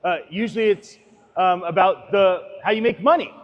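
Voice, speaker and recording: High-voiced man preaching in a hall. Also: normal speed, dull audio. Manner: dramatic, swings between loud and hushed. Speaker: speaker giving a talk. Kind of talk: impassioned sermon-like talk.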